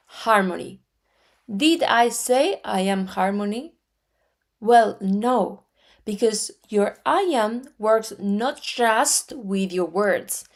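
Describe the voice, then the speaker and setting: A woman in her forties with an Argentine Spanish accent, teaching metaphysics in a slow, deliberate way with frequent restarts. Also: mid-range voice. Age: 40s. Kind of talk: spiritual teaching talk.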